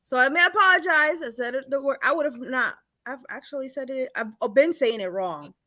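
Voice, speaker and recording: A woman's voice: high voice, a little fast, over a noisy crowd. A woman co-hosting a casual call-in talk show, speaking with a Spanish accent and often restarting her sentences apologetically. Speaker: co-host.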